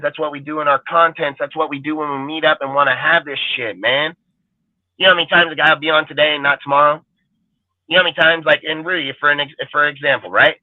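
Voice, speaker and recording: A man's voice: fairly high pitch, dry recording. A man hosting a fan show, ranting in a heated, profane, emphatic way. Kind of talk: livestream rant. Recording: dry phone-like audio.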